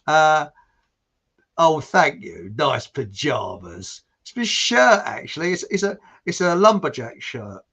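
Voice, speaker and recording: A man's slightly high, a bit bright voice swings widely in pitch as he speaks at a measured pace while hosting a live show. Casual and rambling, he reads viewer comments, chuckles, and restarts loosely. The stream sound is dull and lo-fi.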